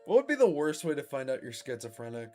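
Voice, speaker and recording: A man streaming a video game, chatting casually, swearing and bursting into excited shouts at the screen. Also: medium pitch, fast, soft background music.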